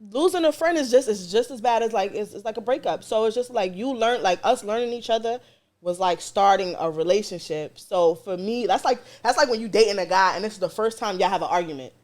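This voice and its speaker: A woman's voice: medium pitch, a little fast, darkish tone. A woman co-hosting a podcast, chatting casually and animatedly, laughing often and swearing freely. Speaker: podcast co-host. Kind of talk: casual chat.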